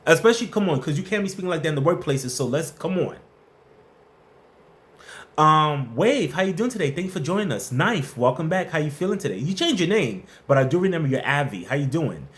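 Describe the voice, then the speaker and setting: Lively, playful man hosting a livestream. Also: on the high side, a little fast. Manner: lively, playful and slangy, greets chat viewers by name. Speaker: host of a workplace advice livestream. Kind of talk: casual live-stream chat answering viewer questions.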